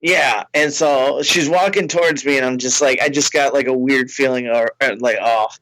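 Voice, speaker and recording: A man's voice: medium pitch, fairly even intonation, normal speed, a bit bright, no echo, poor audio. A man and comedian telling a story in a rambling, self-mocking way, laughing between lines. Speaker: comedian, podcast host. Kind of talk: casual storytelling.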